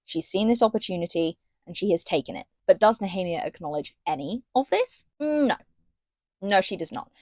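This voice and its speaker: A woman's voice: on the low side, animated, a little fast, hardly any pauses, mellow, no echo. A woman giving a sarcastic, slangy casual book review, reading passages aloud between rants. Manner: sarcastic, ranting, slangy asides.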